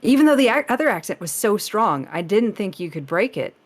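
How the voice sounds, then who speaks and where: A woman speaking as a guest in a casual podcast interview, rambling with quick restarts and frequent laughter. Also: medium pitch, very animated. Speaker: streamer guest.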